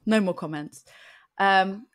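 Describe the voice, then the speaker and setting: A woman's voice: medium pitch, slow. A British woman co-hosting a casual chat, swearing and laughing at herself. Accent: British English. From United Kingdom. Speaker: podcast co-host.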